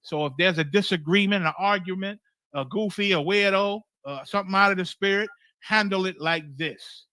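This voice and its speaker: Fiery high-voiced man preaching. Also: normal speed, bright, forceful tone, no room sound. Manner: fiery, blunt and profane, with emphatic repetition. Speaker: general leading a scripture study. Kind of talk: preaching scripture breakdown on a livestream.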